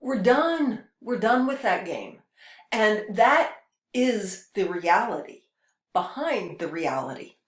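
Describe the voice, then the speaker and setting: A woman's voice: medium pitch, very animated, slow pace. Woman spiritual host, mid-range voice, rambling delivery, reverberant room. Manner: rambling, with frequent restarts and hesitations. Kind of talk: casual spiritual monologue.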